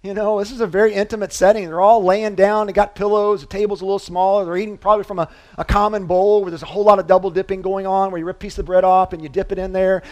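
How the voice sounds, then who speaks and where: Male pastor with a high voice, preaching in a loose conversational way, punching up key lines and dropping low for quiet points. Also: quick pace, few pauses. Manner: conversational, animated preaching with restarts and asides; swings from loud emphasis to quiet low delivery. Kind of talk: sermon.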